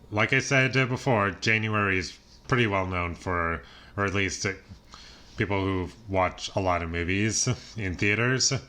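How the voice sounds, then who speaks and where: Male movie reviewer, low pitch, bright edgy tone, casual and rambling, dry exasperation. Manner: rambling, heavy on "like" and "uh" fillers; dry, exasperated critique with small laughs.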